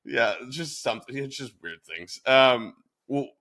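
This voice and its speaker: A man hosting a podcast, chatting casually with self-deprecating, animated asides. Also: medium pitch, a little slow, crowd noise. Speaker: podcast host. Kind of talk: podcast conversation.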